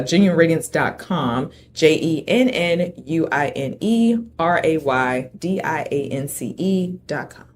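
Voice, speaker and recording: A woman's voice: low voice, slight background noise. A woman who is a podcast guest, telling a story in a chatty way and laughing easily. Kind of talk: casual interview chat.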